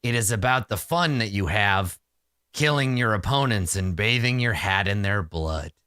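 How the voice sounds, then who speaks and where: A man's voice: on the low side, moderate pace, sharp tone, smooth, no echo, clean studio sound, voice pushed down. A man voicing a small, boastful, bloodthirsty redcap general in a tabletop game, in a sly, menacing way. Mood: gleeful.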